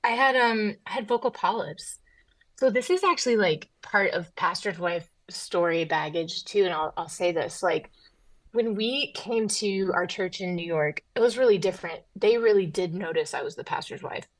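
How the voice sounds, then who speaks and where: A woman's voice: medium pitch, dry recording, poor audio. A woman from Tennessee, a pastor's wife and comedian, telling stories as a guest in a casual podcast interview. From Southern US, Tennessee. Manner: animated storyteller, quick asides.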